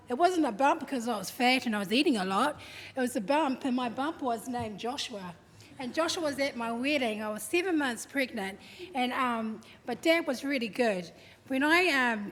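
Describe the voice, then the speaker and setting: A woman's voice: on the high side, fairly bright tone. A woman gives a family tribute at a service. She tells stories in a chatty way, with many ums and you-knows. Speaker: daughter giving a family tribute. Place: church hall. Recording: reverberant hall, faint background noise.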